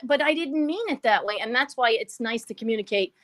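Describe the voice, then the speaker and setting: Chatty woman with a higher voice. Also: fairly even intonation, a little fast. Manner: chatty, laughs often, explains by example. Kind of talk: casual chat.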